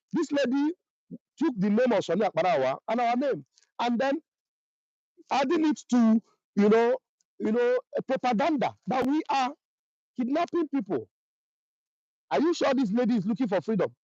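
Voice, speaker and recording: A man's voice: sits high, a little mellow, no echo, dull audio. A man with a Nigerian Igbo accent giving an impassioned, repetitive monologue as host of his online channel. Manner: emphatic and repetitive, voice rising sharply when accusing.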